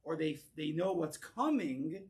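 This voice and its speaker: Brief: man, rabbi giving a class, lively, higher than average pitch, repeats words as he restarts. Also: unhurried. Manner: animated, acts out voices in quoted lines, repeats words as he restarts. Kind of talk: lecture with audience discussion. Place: synagogue.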